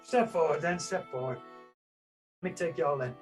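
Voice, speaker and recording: A game master voicing a drunken, blustering middle-aged king who talks in a raised, gruff, jovial way. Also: mid-range voice, moderate pace, faint music behind, lightly acted. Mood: commanding.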